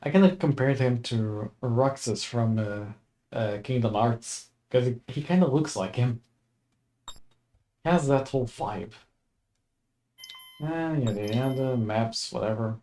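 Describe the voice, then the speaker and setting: Laid-back, mellow-voiced man streaming a game. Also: mid-range voice, a little slow, pauses often. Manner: laid-back, chatty, chuckles often. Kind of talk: casual let's-play commentary.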